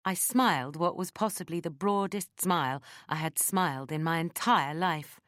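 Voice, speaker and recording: A woman narrating a novel in the first person, in a lively storytelling manner. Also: low-pitched, normal speed, no echo, clean studio sound. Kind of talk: audiobook narration.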